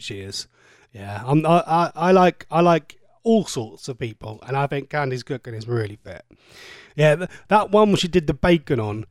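A man's voice: on the high side, very animated, moderate pace, darkish tone, no room sound, clean studio sound. A man presenting a radio show, chatting casually and cheekily, rambling and stumbling over his words as he reads out listener messages. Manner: chatty, cheeky and rambling, with frequent stammered restarts. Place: radio studio.

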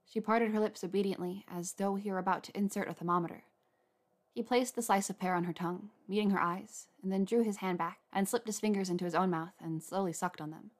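A woman narrating a story aloud in a measured, even reading. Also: medium pitch. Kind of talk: reading fan fiction aloud.

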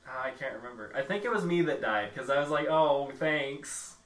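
A man's voice: mid-range voice, very animated, fast talker, a bit bright. A young man in a casual chat, loose and laughing, often searching for words. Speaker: friend in a chat. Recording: roomy, distant mic.

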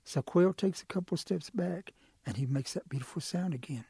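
A man telling a traditional animal folk tale in a relaxed, rhythmic way. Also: on the high side, a little fast, gravelly, heavy background noise. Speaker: storyteller. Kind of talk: traditional oral storytelling.

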